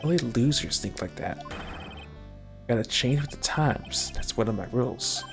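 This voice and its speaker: Man doing a smug, cryptic game prosecutor, deep and raspy. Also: lively intonation, normal speed, over music.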